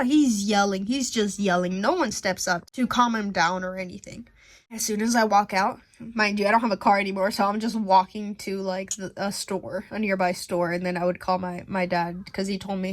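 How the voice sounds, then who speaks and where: A woman family vlogger telling a personal story in a casual, animated way, using slang. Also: mid-range voice, moderate pace. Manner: animated, emphatic retelling with slang.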